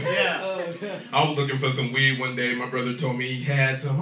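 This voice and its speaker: A man doing a profane, animated stand-up comedy set on a club stage, with shouted punchlines. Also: mid-range voice, moderate pace, long pauses, heavy background noise. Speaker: stand-up comic. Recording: echoey club audio recorded from a distance. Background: loud crowd laughter.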